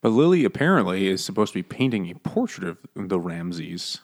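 Low-voiced man rambling about a book. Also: big pitch swings, fairly quick. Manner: rambling, profane, laughing. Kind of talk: casual book discussion.

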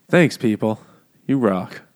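A man's voice: medium pitch, drawn-out words. A man co-hosting a casual book podcast over a video call, joking, swearing and laughing a lot. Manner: laughing, jokey, profane. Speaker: podcast co-host.

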